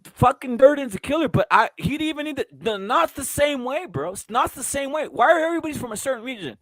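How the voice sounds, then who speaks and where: High-voiced ranting man, dry sound. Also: animated, fast talker, no echo. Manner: profane, ranting, repetitive. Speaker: host. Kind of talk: casual boxing chat stream.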